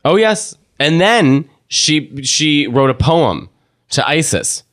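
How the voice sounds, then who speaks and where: A man's voice: fairly high pitch, slow. A man co-hosting a podcast, chatting casually about celebrities and acting out people he talks about. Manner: animated, does exaggerated impressions of people. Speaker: podcast co-host. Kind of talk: casual gossip chat.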